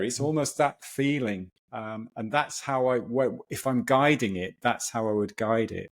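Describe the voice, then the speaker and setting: A man's voice: mid-range voice, moderate pace, few pauses. Man explaining breathwork with enthusiasm. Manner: enthusiastic, explanatory, with frequent restarts. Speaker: breathwork coach guest. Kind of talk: conversational podcast explanation.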